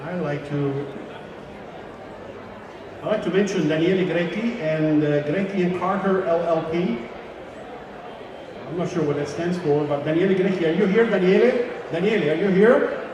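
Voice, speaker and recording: Emceeing a live gala in a large banquet hall, a high-voiced, chatty man improvises and tells jokes over a PA microphone at a normal speed, leaving long pauses. He is heard from afar through heavy, lingering reverb, with some faint noise underneath.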